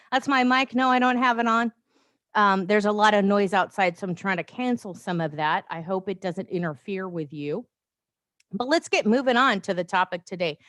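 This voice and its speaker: A woman talks straight into her phone during a casual livestream, chatty and meandering, with lively asides and frequent laughs. Her voice sits in a middle range and the sound is dry and close, with no room echo. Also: mid-range voice, normal speed. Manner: chatty, rambling, laughs often, animated asides. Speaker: life coach livestream host. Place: home, with noise outside.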